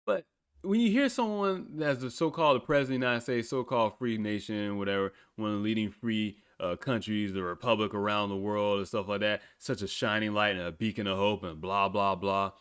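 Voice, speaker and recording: A man's voice: on the low side, a little fast, a bit bright, clean tone, no room sound, studio quality. A man hosting a podcast in a casual, blunt way, swearing freely and laughing often as he talks. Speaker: podcast host. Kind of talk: casual talk.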